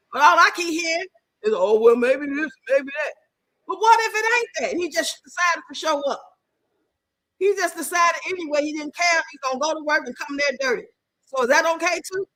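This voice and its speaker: A woman from Chicago with a Chicago accent, hosting a livestream and answering her chat in an animated, outspoken way. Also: sits high, no room sound, poor audio. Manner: animated, outspoken, emphatic, talks back to the chat. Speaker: livestream host. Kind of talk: livestream chat reacting to comments.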